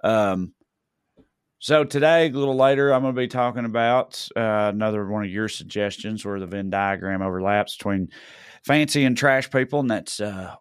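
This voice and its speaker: A man with a low, relaxed voice co-hosts a casual podcast. He rambles, corrects himself and keeps a wry tone. The sound is close and dry. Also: moderate pace, clear, resonant tone, no echo. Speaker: podcast co-host. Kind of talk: casual chat.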